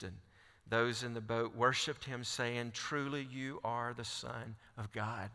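A man delivers a sermon from the pulpit of a large church. His voice is bright and crisp. It carries a long hall reverb as he reads scripture and presses his questions. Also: medium pitch. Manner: reads scripture aloud, then presses questions with rising intensity. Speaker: pastor.

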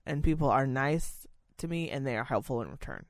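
Here is a profane, rambling speaker of middle pitch, telling a work story in casual chat. The voice sits close in a dry, dead room. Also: expressive, fairly quick, hardly any pauses, fairly bright tone, no echo. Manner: profane, rambling storyteller who acts out other people's voices. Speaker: podcast co-host and senior-living staff worker.

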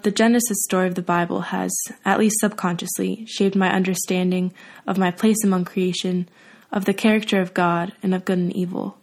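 A woman host giving composed, scripted narration. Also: mid-range voice. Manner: measured, composed.

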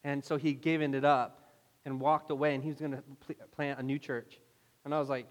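Pastor, male, higher register, animated storyteller, echoing church hall. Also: a little fast. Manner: animated storytelling, mock-exasperated asides. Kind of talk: sermon. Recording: long hall reverb.

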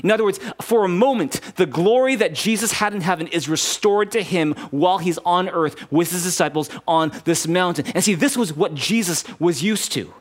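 A man's voice: sits high, normal speed, few pauses. A male pastor preaching a sermon in an earnest, conversational way, often restarting his sentences.

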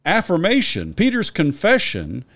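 A man talks through a scripture passage in a relaxed podcast conversation. His intonation rises and falls a lot as he explains. He cites references carefully and often restarts his sentences. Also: high voice, a little slow. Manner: scholarly, explanatory, with frequent restarts and citations. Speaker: Bible scholar discussing scripture.

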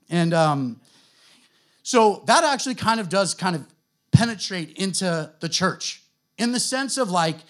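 A middle-aged man with an American accent, a guest pastor telling his story to a church in a relaxed, conversational way, full of fillers. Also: a little high. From United States. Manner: conversational, self-deprecating, many fillers.

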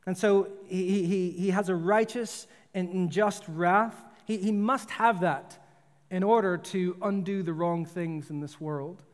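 A man's voice: high-pitched, fairly even intonation, a little slow. A man preaching a sermon in earnest, often repeating words and restarting phrases as he goes. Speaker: pastor. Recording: long hall reverb.

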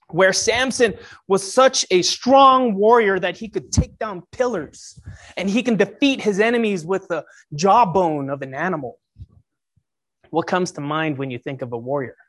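Animated, conversational preacher. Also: mid-range voice. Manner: conversational, with jokey asides to the congregation. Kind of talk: sermon.

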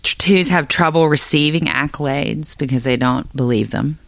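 Very deep-voiced woman explaining calmly. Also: vocal fry, dry recording. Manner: slow, thoughtful explaining with many fillers. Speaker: Enneagram teacher and guest. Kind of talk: casual podcast conversation.

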